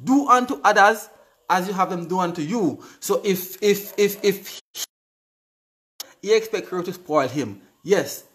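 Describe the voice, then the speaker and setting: His voice sits high with lively intonation, unhurried and a bit bright. The Jamaican host, in his forties, runs a casual live stream, reading and answering viewer comments cheerfully and often repeating himself.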